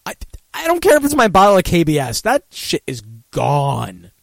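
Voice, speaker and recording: A man's voice: high voice, huge pitch swings, normal speed, vocal fry, fairly bright tone, no room sound. A man hosting a casual talk show, rambling and swearing freely while laughing at his own jokes. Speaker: host. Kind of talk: casual talk-radio banter.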